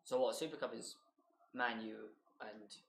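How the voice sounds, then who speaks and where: A man's voice: medium pitch, moderate pace, a bit bright, echoey room, a little hiss or hum. Chatty man streaming a match. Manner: chatty, loose, reacts to play and reads out viewer names. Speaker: football watchalong streamer. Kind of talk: live match commentary and chat with viewers.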